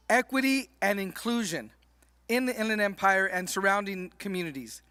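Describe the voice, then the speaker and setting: A man with a high, bright voice hosts an award segment at an indoor reception. He talks in a loose, unscripted way and keeps dropping in "okay" as he moves things along. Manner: informal, peppers speech with "okay". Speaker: award presenter.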